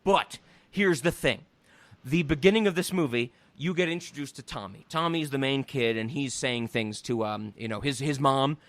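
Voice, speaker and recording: A man hosting a podcast, retelling a comedy film in an animated, incredulous way. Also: medium pitch, normal speed, no echo. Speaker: podcast host. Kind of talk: casual chat.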